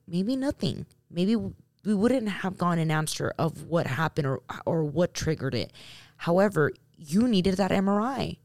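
Lady with a pretty low voice, chatty storytime, talking right to the camera, dry sound. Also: normal speed, dry recording. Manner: animated, talks straight to the audience. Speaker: vlogger telling a story to her husband and viewers. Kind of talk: casual storytime.

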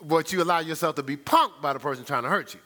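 A man, a pastor, preaching a sermon in a colloquial, animated way, acting out little scenes in different voices. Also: on the high side, fast talker.

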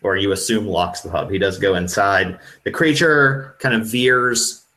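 A man running a tabletop game as game master, narrating with many pauses, ums and restarts. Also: fairly low pitch, bright, forceful tone. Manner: hesitant, full of ums and restarts.

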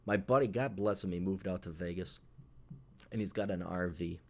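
A man's voice: low voice, moderate pace. A man hosting a casual solo podcast, talking in a blunt, profane, sarcastic way, rambling with fillers. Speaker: podcast host.

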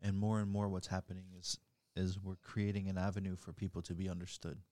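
A man's voice: sits low, flat delivery, fast talker, mellow, no echo. A man co-hosting a podcast, talking in a laid-back, thoughtful, agreeable way. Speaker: podcast co-host. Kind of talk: casual reflective chat.

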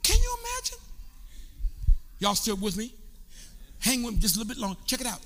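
Fiery preacher, high bright voice. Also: male voice, brisk, slight background noise. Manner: animated, shouting and half-singing preaching with calls to the congregation. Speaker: pastor. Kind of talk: sermon. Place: church sanctuary. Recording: long hall reverb.

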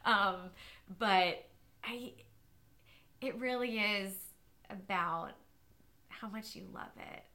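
A woman interview guest talking about running, telling stories in an animated way and often laughing. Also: medium pitch, takes it slowly, pauses often. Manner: animated storyteller, laughs often, many restarts. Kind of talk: casual interview conversation.

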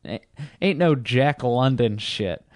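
A man's voice: mid-range voice, lively intonation, takes it slowly, no echo, clean studio sound. A man chatting casually about a movie, telling a rambling, profane personal story full of fillers and restarts. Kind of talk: casual chat.

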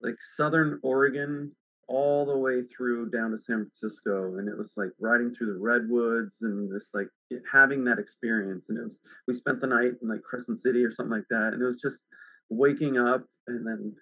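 A man hosting a podcast in casual chat, talking in a relaxed, rambling way with lots of filler words. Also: mid-range voice, normal speed, no room sound, rough recording. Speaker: podcast host. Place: at home.

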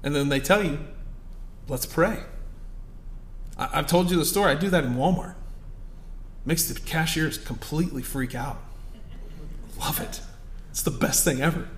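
High-voiced preacher, quiet to loud. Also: male voice, moderate pace, long pauses, slight background noise. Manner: conversational, swings from quiet storytelling to loud exhortation. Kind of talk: sermon.

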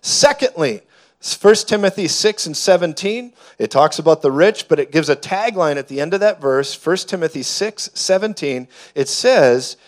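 A man preaching a fervent sermon to a congregation in a church, building at times to shouts. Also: fairly high pitch, animated, moderate pace. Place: church hall before a congregation.

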